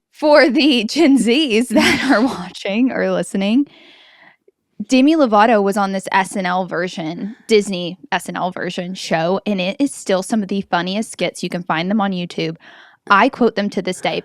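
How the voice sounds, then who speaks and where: A woman's voice: mid-range voice, normal speed, dry recording, studio quality. A woman co-hosting a podcast, chatting casually and telling stories with quoted voices. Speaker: podcast co-host. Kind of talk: casual chat.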